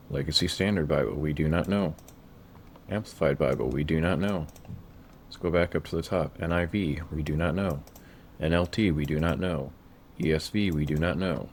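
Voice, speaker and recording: A man doing a Bible word study over his screen, dryly opinionated and slowing down to read verses aloud. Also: rumbling low, a little mellow, a little hiss or hum. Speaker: Bible study video creator.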